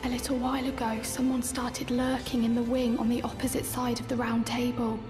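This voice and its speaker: An actress with a soft Birmingham accent playing a gentle, hushed young woman in a game. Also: a little high, flat delivery, brisk, reverberant, in a large hall, over music, lightly acted. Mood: uneasy. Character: soft-spoken young woman spirit-hearer.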